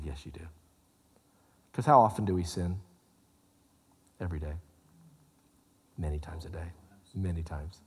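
Animated preacher man in a reverberant hall. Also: measured pace, pauses often, slightly rough. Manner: animated, swings from loud exclamations to hushed low asides. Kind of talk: sermon.

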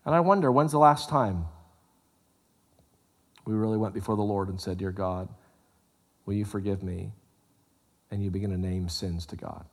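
A man preaching a sermon, animated, swinging from loud exclamations to hushed, low asides. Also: moderate pace, pauses often. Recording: long hall reverb.

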